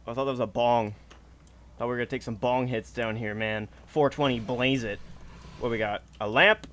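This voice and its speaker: A man giving let's play commentary on a horror game, jumpy and swearing a lot, screaming at the scares and talking loud on purpose to stay calm. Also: medium pitch, normal speed. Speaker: gamer playing a horror game.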